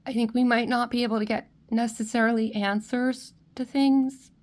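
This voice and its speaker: A woman giving a spiritual tarot reading to her viewers. She is tearful and emotional, and she speaks gently with many restarts and soft check-ins. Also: a little high, fairly even intonation, normal speed. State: tearful, crying at times. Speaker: tarot reader.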